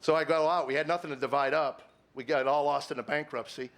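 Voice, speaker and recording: A middle-aged man doing confessional stand-up on stage before a live audience. He talks earnestly, stammers over repeated words, and swings between quiet musing and emphatic, preacher-like points. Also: fairly high pitch, fairly even intonation, quick pace. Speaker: comedian.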